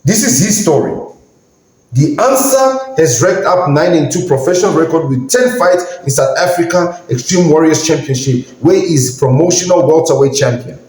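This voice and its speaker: Man, podcast host, indignant rant, slightly high voice, very echoey room. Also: lively intonation, moderate pace, hardly any pauses, darkish tone. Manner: indignant, emphatic, searching for words. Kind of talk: ranting commentary.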